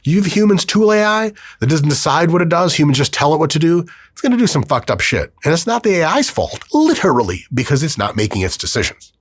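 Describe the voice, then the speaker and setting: Male podcast host, solo monologue, husky and lively, dry close sound. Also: fairly high pitch, no echo. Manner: animated, profane, acts out quick voices in his story.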